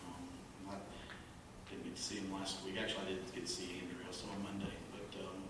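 Male pastor, lively humorous sermon, far off in a very echoey hall with room noise. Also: sits low, a little fast. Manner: animated, laughs at own jokes. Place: church sanctuary.

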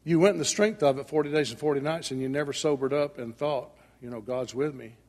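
A man's voice: a little high, quick pace, darkish tone. A male preacher giving a sermon in a folksy storytelling manner, acting out the dialogue. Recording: echoey hall with long reverb.

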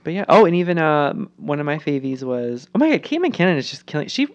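A woman's voice: deep voice, sing-song, fast, highs cut off. A woman co-hosting a casual political chat podcast, swearing freely and acting out quotes in funny voices.

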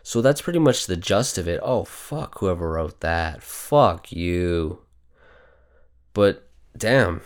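Male host for off-the-cuff news talk: blunt and profane, with a low, resonant voice. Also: lively intonation, slow, long pauses. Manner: reads headlines aloud and reacts with heavy swearing; blunt, outspoken. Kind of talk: casual news commentary.

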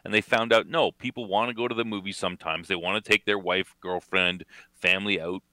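Deep bright-voiced Canadian man. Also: fairly even intonation, brisk, dry recording. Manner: joking, rambling with fillers. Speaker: co-host. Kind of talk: casual podcast chat.

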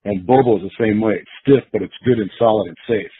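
Husky-voiced man telling a story over a phone-like line. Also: lowish voice, a little fast, no echo. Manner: animated storytelling, acts out quotes, many restarts. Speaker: guest storyteller. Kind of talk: casual anecdote telling.

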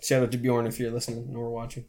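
A man's voice: mid-range voice, completely flat delivery, fast talker, darkish tone. A Canadian man co-hosting a casual podcast, joking and swearing freely as he acts out quoted people. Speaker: podcast co-host. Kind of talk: casual chat.

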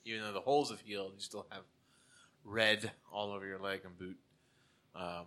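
Bright-voiced laughing game master. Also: male voice, on the low side, steady tone, normal speed. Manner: casual, laughs often while describing scenes. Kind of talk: narrating a tabletop game.

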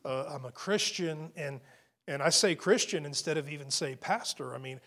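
A man's voice: a little high, normal speed, a bit bright. A man who is a husband and father, preaching a sermon in an earnest, emphatic way, often restarting and repeating words. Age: adult with family. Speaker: pastor.

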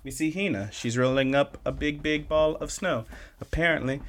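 A man's voice: fairly high pitch, normal speed. Man recapping eagerly, rambling. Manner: enthusiastic, rambling with many "like"s and restarts. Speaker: podcast co-host. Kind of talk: casual episode recap chat.

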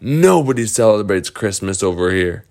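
A man voicing a grumpy, possessive male Christmas troll in a told story, slow and stern. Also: on the low side, animated, a little mellow.

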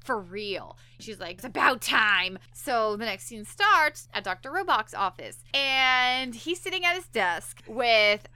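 A woman's voice: on the high side, unhurried, few pauses, smooth, no room sound. A woman on a podcast chatting casually as she recaps an episode, acting out characters' lines as she goes. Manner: animated, acts out characters' lines in quotes. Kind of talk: casual chat.

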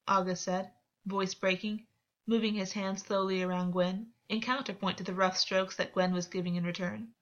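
A woman narrating a novel as an audiobook in a steady, measured reading voice. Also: mid-range voice, dull audio. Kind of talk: scripted fiction narration.

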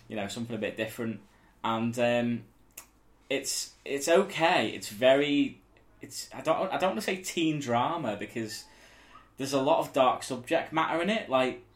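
A man with a mid-pitched voice, chatting about television shows as a podcast co-host. He teases his friend and laughs easily. The room around him is echoey. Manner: chatty, teasing, laughs often. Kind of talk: casual chat.

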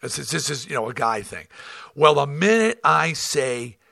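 A man with a gravelly, husky voice and a sharp, bright edge tells rough stories from years of touring. He talks in an animated, blunt and profane way, acts out quotes and keeps restarting his sentences. The sound is dry and close. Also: a little high, moderate pace, no echo. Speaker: rock band front man telling tour stories. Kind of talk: casual storytelling.

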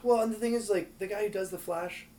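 A man's voice: high-pitched, steady tone, quick pace, warm tone. A man from New Orleans in a casual chat, blunt and ranting with plenty of swearing. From US South, New Orleans. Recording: roomy echo.

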